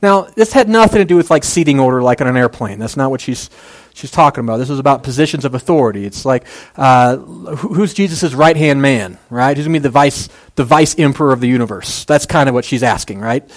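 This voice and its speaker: A man's voice: medium pitch, a little fast, few pauses. A man preaching a casual, conversational sermon, making jokey asides and using plenty of fillers. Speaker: pastor.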